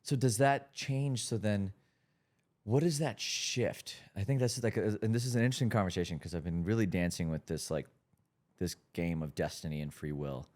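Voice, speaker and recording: A man's voice: on the low side, moderate pace, darkish tone. A man hosting a podcast interview, earnest and reflective, asking questions with many filler likes. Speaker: podcast host.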